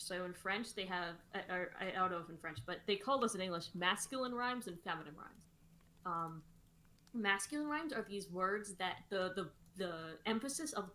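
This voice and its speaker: A woman's voice: fairly low pitch, bright, forceful tone. A woman co-hosting a livestream, explaining songwriting casually with many fillers and restarts. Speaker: co-host songwriter.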